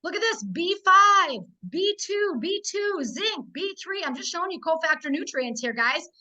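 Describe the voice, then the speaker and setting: A woman giving an emphatic, animated sales presentation over a video call, often asking her audience "right?". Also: extremely high pitch, normal speed, rough recording. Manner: emphatic, talks to the audience directly with frequent "right?" and "guys".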